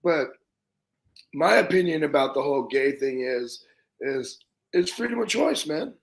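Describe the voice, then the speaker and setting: Blunt, gravelly man in his fifties. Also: a little high, lively intonation, a little slow. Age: 50s. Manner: blunt, opinionated, plain-spoken. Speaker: podcast host. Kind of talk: casual chat.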